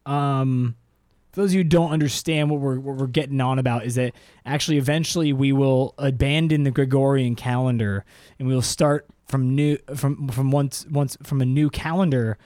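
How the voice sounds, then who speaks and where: A man co-hosting a casual comedic podcast chat, jokey and profane, sometimes jumping into high silly voices. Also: steady tone, moderate pace, a little mellow, no echo, clean studio sound. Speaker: podcast co-host.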